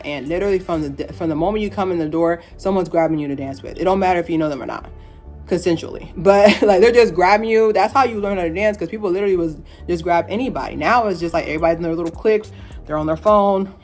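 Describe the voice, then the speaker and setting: A woman in her thirties with a fairly low voice, giving her opinions straight to camera. She talks casually and with energy, laughing often and slipping in playful asides. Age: 30s. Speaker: vlogger.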